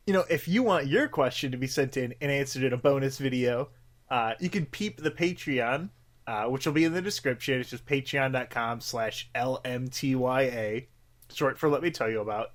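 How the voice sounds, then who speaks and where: A man's voice: mid-range voice, normal speed. Young guy on a podcast, rambly, says like a lot, swears, regular voice. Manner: rambling, lots of filler words and swearing. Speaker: podcast co-host. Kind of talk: casual podcast chat.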